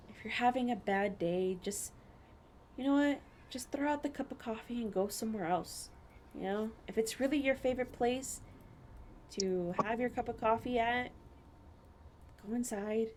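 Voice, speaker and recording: Woman co-host, casual and profane, wanders through her stories, average pitch, faint noise behind. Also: moderate pace, darkish tone. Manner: blunt, profane, rambling storyteller. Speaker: podcast co-host. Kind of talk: casual chat.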